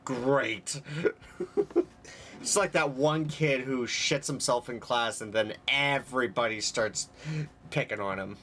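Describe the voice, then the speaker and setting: A young man talks casually with his stream chat, rambling candidly and laughing easily. His voice is bright and his pace slow, with a faint hiss of noise behind him. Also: medium pitch. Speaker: livestreamer.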